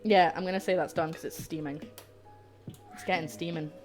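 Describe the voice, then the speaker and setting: A woman's voice: fairly low pitch, steady tone, fairly quick, faint music behind. A woman chatting casually while baking on a live stream, teasing and laughing often. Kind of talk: casual chat while cooking.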